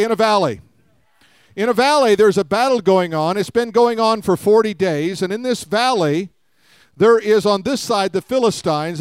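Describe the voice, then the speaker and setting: A man's voice: high-pitched, clear, resonant tone, no echo, clean studio sound. A man preaching a sermon, retelling a story with acted-out quotes and calls for the congregation to respond.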